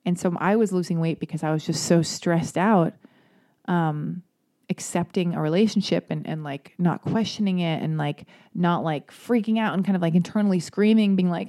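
A woman's voice: lowish voice, normal speed. A woman in casual chat who talks candidly and rambles, with lots of filler words and free swearing. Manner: emphatic and animated when worked up.

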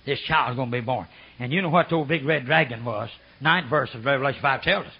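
An older man preaching a sermon, rambling and folksy, swinging from low murmurs to high shouted bursts. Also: quick pace, a little hiss or hum. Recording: dull lo-fi sermon recording.

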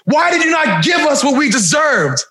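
High, excitable teasing man. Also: moderate pace. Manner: excitable, teasing, laughing, often shouting. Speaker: podcast co-host. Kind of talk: casual chat. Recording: echoey room.

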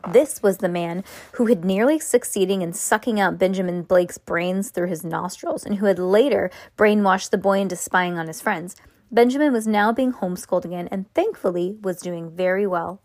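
A woman's voice: mid-range voice, normal speed, a little mellow, no room sound. A woman reading a chapter book aloud to a child at home, stopping for asides, restarts and laughs. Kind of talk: casual read-aloud of a novel.

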